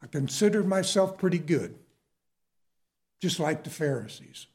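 Slow, higher-pitched male preacher. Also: big pitch swings, darkish tone. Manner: storytelling, conversational preaching with rhetorical questions. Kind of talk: sermon.

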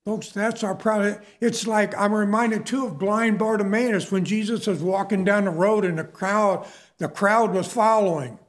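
A man's voice: high-pitched, steady tone, normal speed. A man preaching a sermon in an earnest, emphatic way, often addressing his listeners as folks.

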